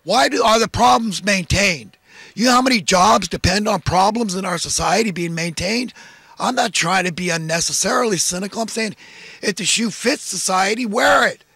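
A man's voice: high voice, moderate pace, creaky, pushed and bright, slightly rough, no echo. A man delivering a preachy, impassioned monologue of social commentary, full of emphatic rhetorical questions. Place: in California.

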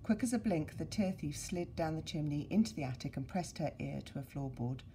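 A woman teacher reading a story aloud to her pupils, expressive and playful with sound effects and asides. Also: deep voice, a little fast, slight background noise. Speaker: primary school teacher.

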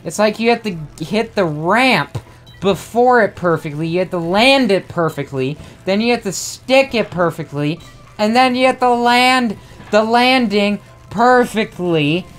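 A young man giving frustrated, self-mocking let's play commentary as a gamer, with excitable outbursts. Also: sits high, a little slow. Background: faint game music.

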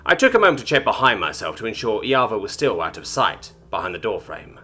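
A man's voice: on the low side, sing-song, quick pace, few pauses, pushed and bright, faint music behind. A man narrating a first-person sci-fi story in a wry, casual, sarcastic way.

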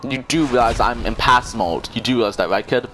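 A man's voice: mid-range voice, brisk, a bit bright, slight background noise. Sarcastic young man trash-talking. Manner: sarcastic, mocking, swearing. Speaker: gamer. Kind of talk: trash-talking online game voice chat.

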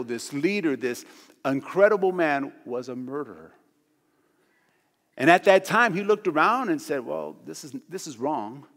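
Emphatic male pastor in an echoing church. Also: fairly high pitch. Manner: emphatic, repetitive phrasing. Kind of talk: sermon. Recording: long church hall reverb.

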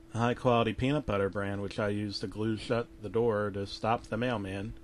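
Male narrator for a comedic horror story, deadpan and low-key, mid-pitched, prone to sudden loud outbursts.

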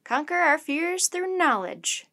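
A woman's voice: a little high, lively intonation, moderate pace, a bit bright. A woman voicing an earnest, pompous older male professor who talks in a formal, lecturing way.

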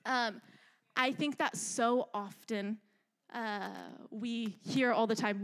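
A young adult woman delivers a youth sermon with a fairly high voice. She talks in an animated, chatty way and keeps checking in with her listeners. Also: slow pace. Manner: animated, chatty, asks "right?" a lot. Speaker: youth speaker.

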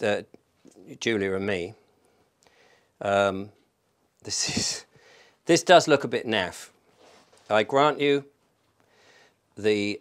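English guy fumbling through baking on his vlog, lowish voice, self-mocking and chatty, mic in a kitchen. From England. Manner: self-deprecating, chatty, thinking aloud. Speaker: vlogger. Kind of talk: casual cooking vlog. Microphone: microphone in a room.

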